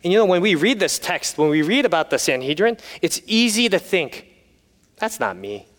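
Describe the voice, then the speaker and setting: A man's voice: high voice, animated, brisk, fairly bright tone, in a large hall. A man preaching a sermon, telling stories with humor and then turning earnest. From United States. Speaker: pastor.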